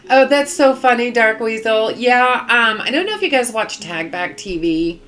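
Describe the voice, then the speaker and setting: A woman's voice: a little high, expressive, normal speed, a bit bright. A middle-aged woman chatting casually on a live game stream, rambling along with many ums and restarts.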